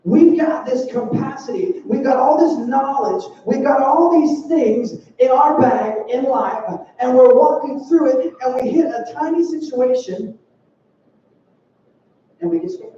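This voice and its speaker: A young man giving a youth sermon in a church, telling a story in an animated way with playful acted quotes. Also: very high voice, measured pace, a little hiss or hum. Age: young adult. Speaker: youth speaker. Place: church sanctuary. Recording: dull, distant, roomy church sound.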